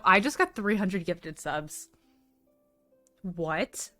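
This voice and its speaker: A woman's voice: lowish voice, animated, very slow, bright, forceful tone, faint music behind. A woman livestreamer chatting casually, swearing freely and gushing thanks to her viewers. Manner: chatty, swears a lot, gushes thanks at donations. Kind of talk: casual stream chat.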